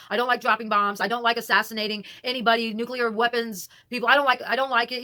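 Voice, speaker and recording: A woman's voice: a little high, bright, forceful tone. A woman hosting her own channel, chatting to camera while doing a card reading, rambling and repeating herself with muttered asides. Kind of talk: rambling casual talk to camera.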